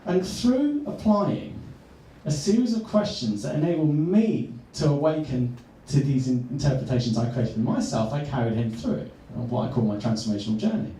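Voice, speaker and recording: Male coach, lively pitch, mellow tone, miked from afar in a roomy space, earnest storytelling. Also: a little hiss or hum. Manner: earnest storytelling, slows for emphasis. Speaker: transformational coach. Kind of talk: personal story talk. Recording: echoey room, far from mic.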